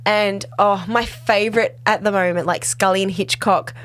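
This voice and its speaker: A woman's voice: medium pitch, normal speed. A woman, co-hosting a podcast and retelling a TV episode in casual chat, giggling often and acting out the lines. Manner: giggly, animated retelling with acted quotes. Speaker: podcast co-host.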